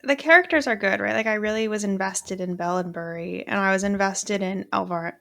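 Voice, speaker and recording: A woman's voice: medium pitch, brisk, vocal fry, bright, forceful tone. A woman who is a podcast guest, chatting casually about a book with short agreeing replies and easy laughs. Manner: brief agreeing interjections, laughs easily.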